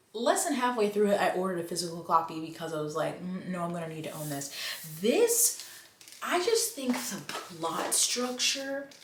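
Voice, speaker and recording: Gal gushing about books, gets real animated, roomy echo and a bit of hiss. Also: female voice, fairly low pitch. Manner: gushing, animated, quotes her own reactions. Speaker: book vlogger. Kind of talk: casual book review chat. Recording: echoey room with faint noise.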